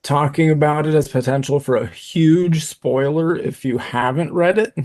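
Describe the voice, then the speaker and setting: A man's voice: on the high side, normal speed, a little mellow. Laid-back joking male co-host. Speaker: podcast co-host. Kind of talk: casual chat.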